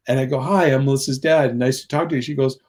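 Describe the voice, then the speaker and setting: A man's voice: medium pitch, fairly even intonation, a little fast, darkish tone. Middle-aged male guest, earnest storyteller, drifts off topic, voices other people in his anecdotes. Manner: earnest, rambling, quotes voices in stories. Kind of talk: conversational storytelling.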